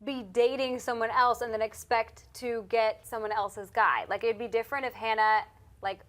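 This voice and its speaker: Opinionated woman with a slightly high voice. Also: flat delivery, moderate pace, a bit bright. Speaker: co-host of a TV recap show. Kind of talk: casual recap chat.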